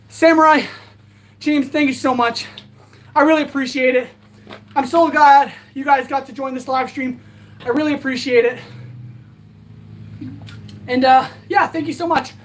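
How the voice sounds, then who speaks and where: A woman hosting a livestream, chatting casually and thanking her viewers in a rambling, earnest way while tired and out of breath. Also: high-pitched. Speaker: livestream host. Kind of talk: casual livestream sign-off chat.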